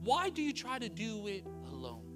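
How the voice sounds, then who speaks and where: A man pastor delivering a sermon in church, blunt and emphatic, swinging between soft passages and loud ones. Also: sits high, wildly swooping pitch, moderate pace. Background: faint music.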